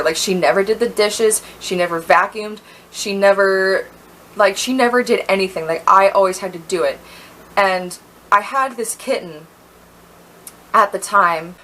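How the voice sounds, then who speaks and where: A woman's voice: mid-range voice, a bit bright, a little hiss or hum, poor audio. A young woman in a storytime vlog, ranting heatedly with lots of fillers and sounding a little tipsy.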